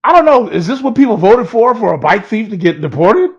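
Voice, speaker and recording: A man's voice: sits high, very animated, brisk, husky, muffled recording. A man telling a story in a loose, rambling, profane way, chuckling as he goes. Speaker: storyteller vlogger.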